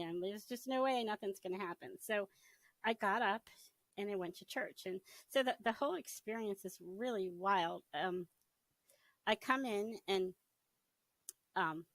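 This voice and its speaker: A middle-aged woman recounting her past in a relaxed interview, slipping into little voices for what she once thought and breaking into laughter. Her voice sits at an ordinary middle pitch. The recording is dry and close, with almost no room sound. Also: no room sound, poor audio. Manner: animated storyteller, laughs often, acts out her own past thoughts. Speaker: interview guest. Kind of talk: personal testimony, casual storytelling.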